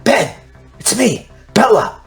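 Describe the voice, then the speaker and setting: A panicked young woman survivor in a zombie tabletop game, as a man puts her on. The voice sits high above his own and pushes out loud, urgent calls. A faint music bed plays underneath. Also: wildly swooping pitch, slow pace, exaggerated voice. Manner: urgent hushed warnings and frantic calls.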